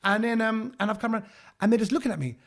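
A man in a casual podcast chat, telling animated anecdotes and acting out the voices of people in them. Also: high-pitched, racing. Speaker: podcast host and comedian.

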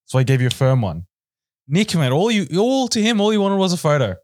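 A man's voice: high voice, very animated, fairly quick, dry recording, studio quality. A man co-hosting a podcast, teasing and playfully arguing with a friend in casual chat. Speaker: podcast co-host.

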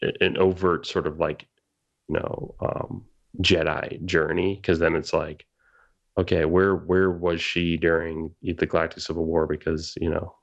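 A man's voice: low voice, little pitch movement, unhurried, gravelly, lo-fi sound. A man co-hosting a fan podcast, talking in a casual, rambling way with many fillers and restarts. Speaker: podcast co-host. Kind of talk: casual chat.

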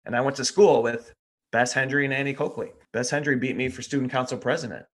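Podcast co-host, male, mid-range pitch, teasing and dry in casual banter. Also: fairly even intonation, quick pace, fairly bright tone.

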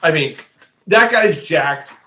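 A man's voice: on the high side, expressive, bright, forceful tone, reverberant, muffled recording, slight background noise. A man co-hosting a casual movie-review chat, joking wryly and swearing now and then. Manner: wry, swearing, quick jokes. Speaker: podcast co-host.

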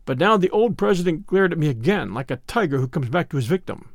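Expressive male audiobook narrator. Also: a little high, no echo, studio quality. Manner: measured, expressive storytelling.

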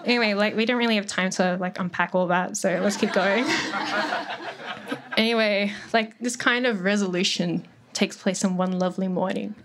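Speaking at normal speed in a mid-range, steady, slightly bright voice, a young woman tells a rambling, profane comic story on stage, peppered with "like" and her own giggles. It's casual stand-up storytelling, recorded live with the audience laughing and a bit of background noise.

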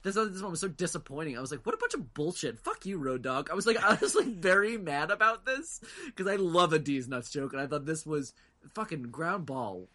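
Animated bright man full of "like". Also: fairly high pitch, a little fast. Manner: animated, heavy "like" filler, swears freely. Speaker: podcast co-host. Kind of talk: casual chat.

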